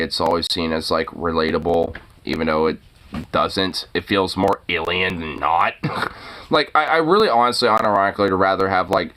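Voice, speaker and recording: Bright-voiced man ranting casually. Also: on the low side. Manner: profane, rambling, filler-heavy. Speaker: host. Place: lives in Portland.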